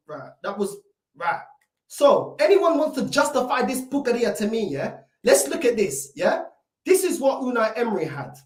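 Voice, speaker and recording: A woman's voice: mid-range voice, roomy sound. A woman hosting a football fan channel, delivering a heated, swearing reaction rant sprinkled with Portuguese words.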